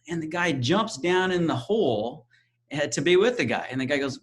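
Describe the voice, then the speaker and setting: A man moderating a webinar over a video call, wrapping up with informal, halting remarks full of fillers and restarts. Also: mid-range voice, big pitch swings, fairly bright tone, rough recording. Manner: informal, hesitant with fillers and repeated words. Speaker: event moderator.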